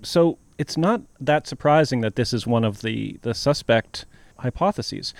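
A man's voice: mid-range voice, animated, a little slow, creaky, no echo. A man co-hosting a casual history podcast, telling the story and building suspense with questions. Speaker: podcast co-host.

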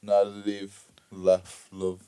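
A man's voice: lowish voice, monotone, very slow, warm tone, smooth. A man co-hosting a podcast, asking questions in casual chat. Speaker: podcast co-host.

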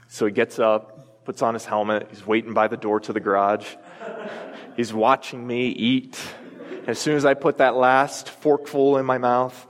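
A man in his thirties, an American pastor, speaks a little slowly in a mid-range voice as he preaches. He relates a family story earnestly and emphatically, and the sanctuary's long reverb fills the recording.

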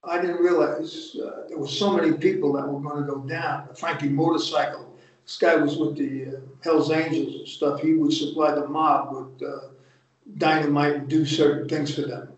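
With little movement in his pitch, which sits on the high side, this older man speaks at a normal pace in a North Jersey accent. Now retired from undercover work, he spins blunt, profane, streetwise stories in a casual interview. The recording is a distant, echoey, muffled remote feed.

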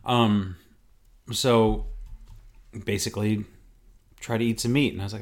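A man's voice: fairly low pitch, fairly even intonation, moderate pace, pauses often. A man co-hosting a podcast, joking and hesitant with many ums in casual chat. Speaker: podcast co-host.

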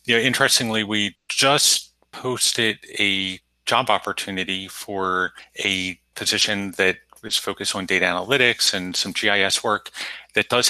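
A man speaks in a low, bright and forward voice as an interview guest. He talks in a measured, orderly way and sets out his points in numbered steps. The sound is close and dry. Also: dry recording, poor audio. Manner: measured, methodical, lays points out in numbered pillars. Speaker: guest, technology lead at an aid organization. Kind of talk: structured interview answers.

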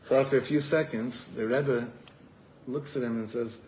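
A man's voice: mid-range voice, fairly even intonation, normal speed, a little mellow, a little hiss or hum. A man telling a story in a sermon as a rabbi at an evening gathering, acting out the voices of the people in it.

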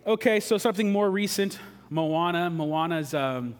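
A man gives a sermon in a casual, joking way, chatting with his listeners. His voice sits a bit high for a man, and a long reverb hangs on his words, as in a church sanctuary. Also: expressive, moderate pace, clear, resonant tone. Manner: casual, joking, conversational preaching. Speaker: pastor.

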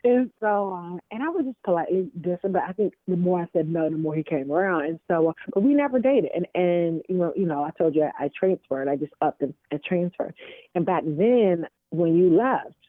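A woman, telling her story as a guest in a casual chat, animated and full of restarts and fillers. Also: fairly low pitch, fairly quick, no room sound. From American South. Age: 40s. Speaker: interview guest. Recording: tinny dry phone line.

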